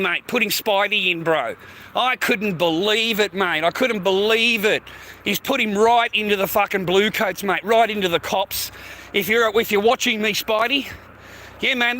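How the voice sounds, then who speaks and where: A man livestreaming outdoors by the sea, ranting and mocking in a profane, rambling way, calling everyone mate and bro. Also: high voice. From United States. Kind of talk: rambling live-stream rant. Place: outdoors near the sea, walking by traffic. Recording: loud street and car noise.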